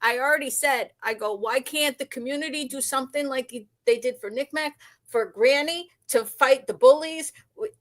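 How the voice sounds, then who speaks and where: A woman guest on a live stream, talking in a gushing, excited, rambling way. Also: sits high, normal speed. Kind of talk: casual live-stream chat.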